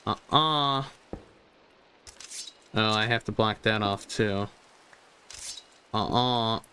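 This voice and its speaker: Faint hiss or hum sits under a young man's low-leaning, sharp-toned voice as he speaks very slowly, hosting a gaming video. He narrates his play to himself, loops back on the same phrases, and lets out jumpy exclamations.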